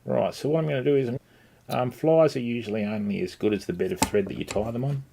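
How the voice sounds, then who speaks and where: A man's voice: medium pitch, quick pace, creaky, mellow, slightly rough. A middle-aged man, hosting a casual live-stream tutorial on tying flies and chatting with viewers as he works. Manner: chatty, greets viewers by name, lots of "mate" and "okay". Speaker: livestream host teaching fly tying.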